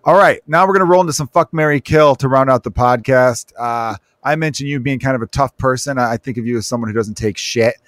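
Rambling podcast host, dry close sound. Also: male voice, medium pitch, quick pace, few pauses, a bit bright, no room sound. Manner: rambling, joking, fond of asides. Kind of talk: casual podcast chat.

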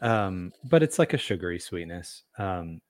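A man with a low voice co-hosts a casual whiskey tasting show. He is recorded dry and close, and he sounds easygoing, pausing on ums and laughing quickly. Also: animated, a little mellow, dry recording. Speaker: podcast co-host.

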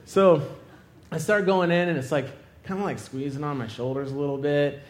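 A man's voice: on the high side, fairly even intonation, normal speed, echoey room. A young man preaching, telling a funny personal story with lots of laughter before turning it to a lesson. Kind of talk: sermon with comic personal story.

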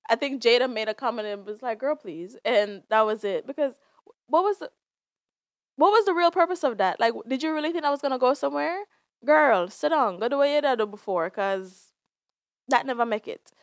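A woman podcast host from Jamaica chats through the latest gossip with a bright, higher-pitched voice. She laughs often and leans on fillers. The sound is dry and close, with no room echo. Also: brisk. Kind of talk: casual chat about celebrity gossip.

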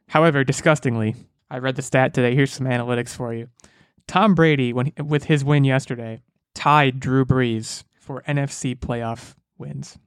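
Smooth-voiced man hosting a casual podcast. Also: mid-range voice, dry recording, studio quality. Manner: animated, joking and rambling. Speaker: podcast host.

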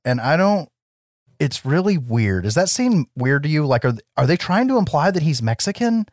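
A man's voice: fairly high pitch, sing-song, normal speed, dry recording, clean studio sound. A man hosting a casual chat, recapping a movie in a loose, profane way. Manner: loose, profane, laughs often.

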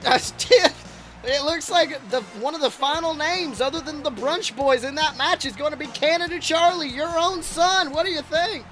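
A man voicing a crude, excitable wrestling announcer who calls the action in profane play-by-play. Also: extremely high pitch, normal speed, faint music behind. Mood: excited. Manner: profane, excitable, shouts big moves. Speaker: wrestling commentator character. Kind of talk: comedic play-by-play commentary.

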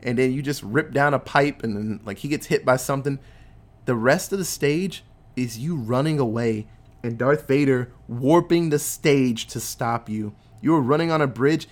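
A man hosting a casual chat, retelling a movie plot in animated, profane storytelling. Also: mid-range voice, moderate pace.

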